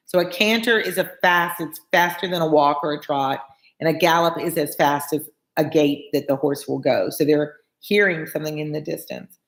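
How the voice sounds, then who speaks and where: A woman's voice: sits low, normal speed. Chatty woman reading a novel aloud. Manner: chatty asides, explains old words plainly. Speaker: read-along tutor. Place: home room with a fan on. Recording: echoey room.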